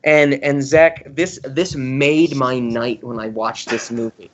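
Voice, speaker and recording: A man co-hosting a film podcast, excitable and swearing freely as he laughs through his review. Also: mid-range voice, slow, dull audio. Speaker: podcast co-host. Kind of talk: casual film review chat.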